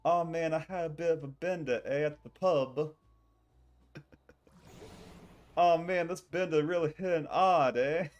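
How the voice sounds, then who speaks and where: A man's voice: a little high, extremely slow, long pauses. A man putting on a boozy mock-British bloke. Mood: rowdy. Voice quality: loud, slangy, exaggerated mock British accent. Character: rowdy drunk British bloke caricature.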